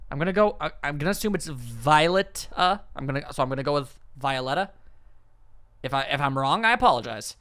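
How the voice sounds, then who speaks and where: A woman's voice: deep voice, expressive, fairly quick, fairly bright tone. A woman hosting a game playthrough with chatty, self-deprecating asides and a strained voice. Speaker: let's play host.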